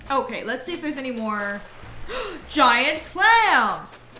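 A woman's voice: high voice, big pitch swings, measured pace. A woman streaming a game, chatting casually and giggling often, sounding tired and yawning. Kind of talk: casual chat while playing a game. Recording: roomy echo with soft music.

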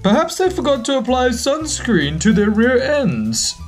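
A man's voice: very high-pitched, sing-song, unhurried, soft background music, pitched above the performer's own voice, heavily acted. A man voicing a pompous, snooty male flamingo with a sneering, haughty manner in a storybook reading.

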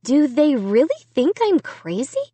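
A woman's voice: high-pitched, sing-song, a little slow, dark tone, no echo, voice pushed up. A woman doing a frantic wailing young girl. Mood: anxious. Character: frantic young girl protesting her innocence.

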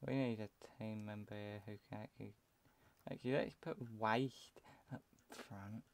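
A man's voice: fairly low pitch, fairly even intonation, normal speed, creaky. A young British man from the UK, chatting and rambling to himself as he plays a video game. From United Kingdom. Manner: rambling, self-talking, trails off mid-sentence. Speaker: let's play commentator. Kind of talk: casual game commentary.

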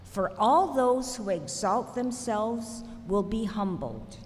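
A woman reads a scripture passage in a church sanctuary, slowly and with measured care. Her pitch moves in a lively, expressive way. A long hall reverb and faint noise surround her voice. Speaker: scripture reader. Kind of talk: scripture reading.

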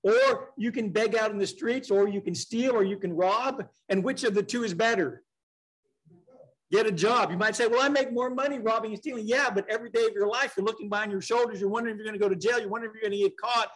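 A man teaching a casual church Bible study, reading scripture slowly and asking his class questions in a conversational way. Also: high-pitched, fairly bright tone, rough recording.

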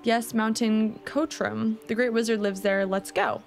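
A woman's voice: a little high, steady tone, measured pace, faint music behind. A woman reading aloud the lines of a kindly talking cat from a video game. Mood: friendly. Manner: reading dialogue aloud plainly.

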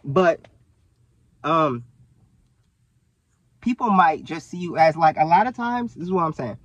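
A young man, talking casually to camera in an animated way, full of fillers and self-corrections. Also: fairly high pitch, measured pace, no room sound, muffled recording. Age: young adult. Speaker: vlogger. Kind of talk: casual direct-to-camera talk.

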